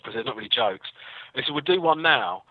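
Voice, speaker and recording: An English man rattles through rambling stories with dry, self-deprecating wit. He talks quickly, and the sound is dry and tinny, as if over a phone line. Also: mid-range voice, lively intonation, dry recording. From England. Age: young adult. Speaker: guest comedian. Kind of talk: casual storytelling.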